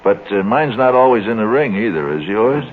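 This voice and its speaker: A relaxed male radio host trading jokes with his guests, chuckling easily and letting his voice rise and fall freely. The sound is thin and tinny like an old phone line, with a faint hiss under it. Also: fairly low pitch, a little fast. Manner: chuckling, easygoing. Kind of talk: casual on-air banter. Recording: tinny, hissy 1960s radio broadcast.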